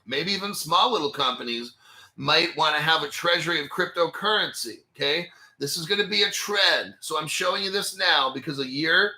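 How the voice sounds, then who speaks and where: Guy doing a crypto stream, blunt and fed up, tense bright voice, kinda higher pitched, echoey room. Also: normal speed. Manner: blunt, exasperated, talks straight to viewers. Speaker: crypto channel host. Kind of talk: casual livestream commentary.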